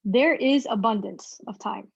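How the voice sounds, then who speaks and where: A woman guest speaker giving a casual, energetic motivational talk to a team over a video call, with plenty of slang. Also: fairly high pitch, unhurried, creaky, breathy edge, no echo, muffled recording.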